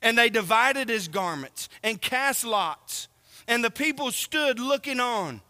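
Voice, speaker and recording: High bright voice, guy preaching slow n earnest in a church, big reverb. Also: animated. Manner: slow and earnest, asking the congregation questions. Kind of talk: sermon.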